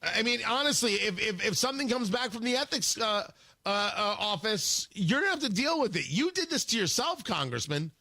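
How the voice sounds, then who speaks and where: A man's voice: sits high, very animated, a little fast, bright, forceful tone, no echo, clean studio sound. A man hosting a talk radio show, delivering a combative opinion monologue and repeating words for emphasis.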